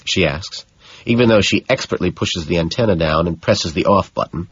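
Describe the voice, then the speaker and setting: A man reads first-person audiobook narration in a measured, even delivery. His voice sits very low and carries a husky grain. The sound is dry and somewhat muffled. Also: dry recording.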